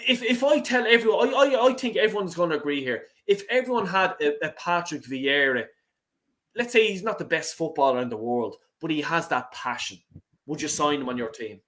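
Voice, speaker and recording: A middle-aged man with an Irish accent and a notably high voice, holding forth in a blunt, sweary, impassioned rant. He talks like a fan on a call-in show, thumping home every point. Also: lively intonation, a little fast, fairly bright tone. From Ireland. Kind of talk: heated casual football chat.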